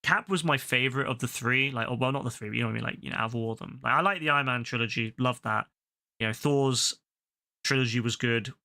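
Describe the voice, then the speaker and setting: Young man, gaming streamer; bright, sharp voice; heated profane ranting. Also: mid-range voice, fast talker, gravelly. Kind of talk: casual rant while gaming.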